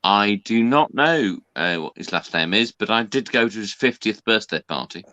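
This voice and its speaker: Brief: male guest, slow, halting delivery, bright voice, dry lo-fi sound. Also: lowish voice, lively intonation, no echo. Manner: slow, hesitant, full of fillers. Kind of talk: casual chat.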